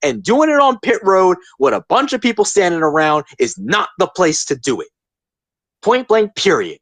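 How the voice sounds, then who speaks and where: A man's voice: sits high, sing-song, moderate pace, fairly bright tone, no echo. A man in his twenties hosting a casual opinion podcast, talking emphatically and ranting, repeating his points. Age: 20s. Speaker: podcast host.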